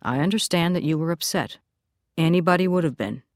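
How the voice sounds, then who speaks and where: A woman reading the lines of a calm, matter-of-fact male county deputy in an audiobook, in a level, unhurried manner. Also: on the low side, dry recording, clean studio sound, close to an everyday voice.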